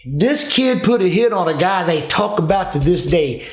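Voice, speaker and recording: A man's voice: sits high, lively intonation, moderate pace. An older man, a retired police officer telling folksy stories in casual talk. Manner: folksy, drawling, addresses listeners as folks. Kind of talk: casual storytelling. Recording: echoey room.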